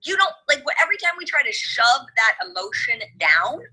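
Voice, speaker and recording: Bright husky lady host, chatty and emphatic, talks right at her listeners. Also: sits high, brisk, low-quality recording. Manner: animated, emphatic, addresses listeners directly. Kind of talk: casual chat.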